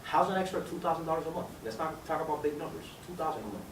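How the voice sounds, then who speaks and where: A man presenting a business opportunity to a room of guests, his slightly high voice pushing hard to persuade. He fires questions at the listeners and calls on them by name. The sound is roomy and echoing, picked up from a distance, with a faint hum of background noise. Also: lively intonation, very fast. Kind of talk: sales pitch to an audience.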